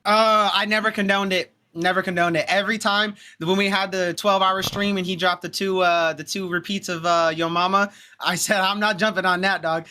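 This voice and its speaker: A man's voice: high voice, steady tone, brisk, hardly any pauses, pushed and bright, a little hiss or hum. A man speaking on a live stream, hesitant and stammering as he gives his opinion. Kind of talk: casual live-stream talk.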